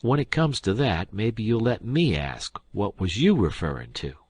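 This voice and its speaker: A man doing a scornful, brisk swindler. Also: sits low, no room sound. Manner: brisk, sarcastic, forceful. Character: sharp-tongued male swindler, brisk and scornful.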